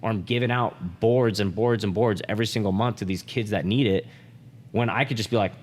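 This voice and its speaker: A man's voice: lowish voice, brisk, in a large hall. A man co-hosting a podcast, talking candidly and emotionally with lots of "like" fillers and swearing. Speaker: podcast co-host.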